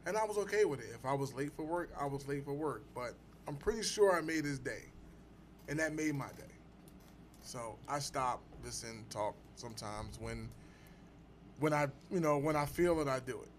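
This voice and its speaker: A man's voice: mid-range voice, animated, normal speed, slight background noise. A man on a podcast casually telling a personal anecdote, rambling and conversational.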